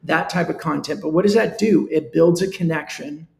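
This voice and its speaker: Earnest man with a gravelly voice. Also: a little high, normal speed, a little mellow, reverberant. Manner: earnest, conversational, coaching tone. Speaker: show host. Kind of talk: live-stream business talk.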